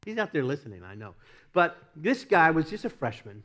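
A middle-aged man preaching a sermon, telling a personal story with lots of laughs, often repeating himself and rising from quiet asides to loud emphatic peaks. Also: fairly high pitch, sing-song, fairly quick. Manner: repeats and restarts words. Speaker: pastor.

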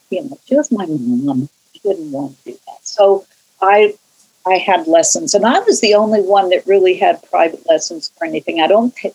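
This interviewee, an older church choir singer from California, wanders through memories of her musical upbringing, often restarting and drifting off on tangents in casual storytelling. She speaks with a fairly low, slightly breathy voice over poor audio.

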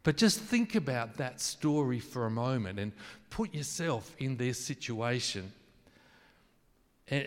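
Preacher man with a long hall echo. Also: medium pitch. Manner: conversational, asks the congregation questions, jokes about his wording. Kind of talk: sermon.

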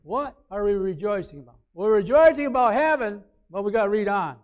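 A male pastor preaching a sermon, animated, swinging between quiet asides and loud bursts. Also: sits high, brisk. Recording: slightly dull, lo-fi sound.

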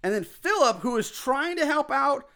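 High, bright-voiced man recapping a film. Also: normal speed. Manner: rambling, animated retelling with quoted asides. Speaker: podcast co-host recapping a film. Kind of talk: casual chat.

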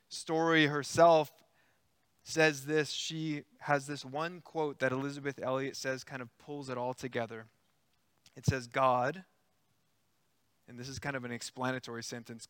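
A man preaching a sermon, retelling a story in a conversational, animated way with acted-out quotes. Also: on the high side, smooth, no room sound.

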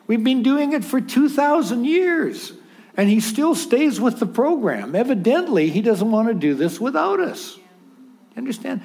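A man's voice: high-pitched, wildly swooping pitch, a little slow, vocal fry, a little mellow. A man preaching a sermon in a conversational, humorous way, with acted asides.

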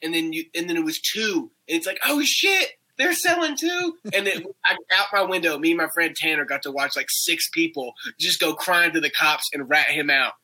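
A young man in casual chat, telling an animated story, laughing often and swearing. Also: a little high, fairly quick, hardly any pauses, low-quality recording.

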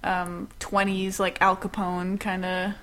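Casting note: woman co-host, mid-pitched, easygoing, agreeable fan chat. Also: monotone, takes it slowly, fairly bright tone. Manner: agreeable, frequent affirmations. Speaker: podcast co-host. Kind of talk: casual chat.

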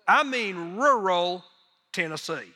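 A middle-aged man preaching as a missionary, telling folksy, self-deprecating stories in an animated way. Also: high-pitched, slow. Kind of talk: sermon storytelling. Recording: long reverb of a large hall.

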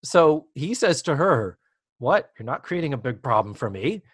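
A man in casual podcast chat, voice leaping up and down in pitch as he gets excited. He acts out each character's lines with big laughs, and the sound is close and dry with no room around it. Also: normal speed, breathy edge, no room sound. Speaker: podcast co-host.

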